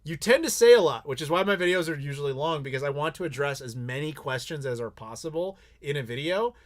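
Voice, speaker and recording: Candid, outspoken man with a higher voice. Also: quick pace. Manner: candid, blunt, swears freely, animated storytelling. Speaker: YouTuber host. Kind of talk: casual live Q&A chat.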